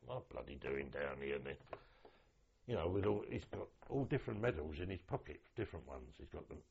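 An older man from London, a veteran telling war stories in an oral history interview, lively and acting out the voices in his anecdotes. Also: very deep voice, fairly quick, creaky, highs cut off, a little hiss or hum.

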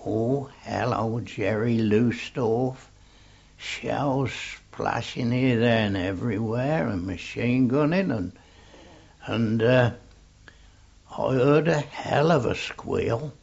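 Gravelly old English man, slow telling. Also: mid-range voice, a little mellow. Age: older. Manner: rambling, anecdotal, plainspoken. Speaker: old soldier recalling the war. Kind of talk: oral history storytelling. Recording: dull lo-fi old tape.

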